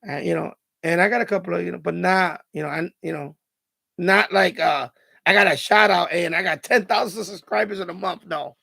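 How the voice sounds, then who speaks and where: A hoarse man with a raspy, heavily gravelly voice hosts a live stream in loose, casual chat. He sits fairly high for a man and sounds dry and close. He rambles through advice, leaning on "you know" and frequent restarts. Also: a little fast, bright, forceful tone, no echo. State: hoarse, voice going after hours of talking.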